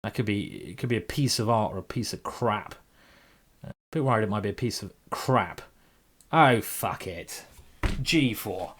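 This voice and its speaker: A man's voice: fairly low pitch, lively intonation, moderate pace, long pauses, a bit bright, slightly rough. A man with a British accent giving casual, joking commentary on his own chess games during a live stream, thinking aloud and often repeating himself.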